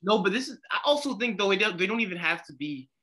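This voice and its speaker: Bright, animated young man in slangy banter. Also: high-pitched, fast talker. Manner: animated, slangy, says "bro" often. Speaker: podcast co-host. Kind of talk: casual chat.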